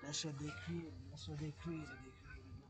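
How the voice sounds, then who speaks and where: A man's voice: a little high, steady tone, normal speed, loud music behind the voice. Emphatic man repeating his phrases. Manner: repetitive, emphatic, loops phrases over and over. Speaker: vlogger. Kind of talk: outdoor monologue vlog. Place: outdoors in a public place at sunset.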